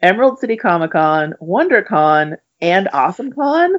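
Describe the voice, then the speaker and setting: A woman author as a podcast guest, soft-spoken and wry, telling stories with playful impressions of others. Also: lowish voice, sing-song, moderate pace, muffled recording. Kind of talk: remote interview.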